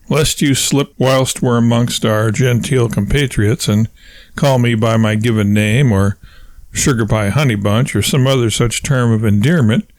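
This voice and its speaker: A man's voice: medium pitch, a little mellow, no room sound, natural voice. A man voicing a pompous, long-winded husband who lectures his wife in a wordy, self-satisfied way.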